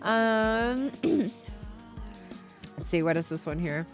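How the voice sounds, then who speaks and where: A woman's voice: a little high, animated, slow, faint music behind. A woman streamer with a Southern US accent, chatting in a loose, rambling way and swearing casually on a livestream.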